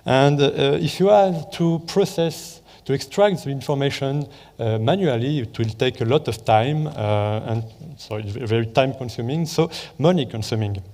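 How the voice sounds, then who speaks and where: A man with a French accent delivers a conference talk in careful, hesitant English, stopping often for fillers and self-corrections. His voice is mellow and rather dark. The sound carries the long reverb of a large hall. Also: mid-range voice, normal speed. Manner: hesitant, many fillers and restarts. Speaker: conference presenter. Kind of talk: conference talk with live demo.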